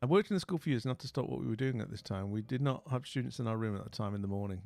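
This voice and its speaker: A British man livestreams, chatting casually with viewers in a very fast, creaky, slightly mellow medium-pitched voice. He rambles and often trails off into mumbles. The close, dry recording has no room sound and faint music.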